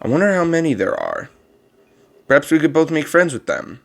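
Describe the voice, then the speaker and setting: A man's voice: a little high, wildly swooping pitch, fairly quick, vocal fry, voice pushed up, exaggerated voice. A man voicing a kindly old male monster who looks after a child, talking in a formal, rambling way with a strained put-on voice. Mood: wistful. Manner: gentle, formal and fond of rambling. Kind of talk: reading game dialogue aloud.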